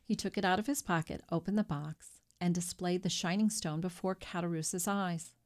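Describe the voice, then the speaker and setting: A woman narrating a classic novel as an audiobook, steady and measured. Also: fairly low pitch.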